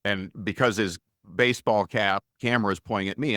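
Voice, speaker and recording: A middle-aged man, a venture investor and author, explaining his ideas in an energetic, conversational interview. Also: fairly low pitch, brisk, hardly any pauses, no echo, clean studio sound. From United States. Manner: energetic, conversational, frequent restarts.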